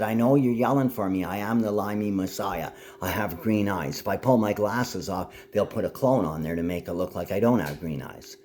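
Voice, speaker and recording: Low-voiced man in a rambling monologue. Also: slight background noise. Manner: rambling, declamatory, loud swings in volume. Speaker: self-styled address speaker.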